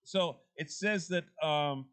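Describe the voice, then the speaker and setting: A man's voice: fairly high pitch, takes it slowly, a bit bright, clear, resonant tone. A man leading a church Bible study class, talking through the text in a conversational way and putting questions to the group.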